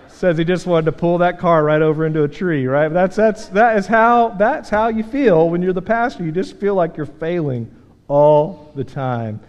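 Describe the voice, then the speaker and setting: A man preaching a sermon as pastor, earnest and emphatic, dropping from loud points to quiet self-deprecating asides. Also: high voice, normal speed, lo-fi sound. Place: church sanctuary. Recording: long hall reverb.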